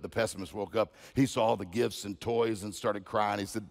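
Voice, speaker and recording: A man's voice: lowish voice, a little fast, creaky, few pauses, in a large hall. A man preaching as a guest speaker, telling folksy humorous stories and often repeating words. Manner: storytelling, folksy, repeats himself.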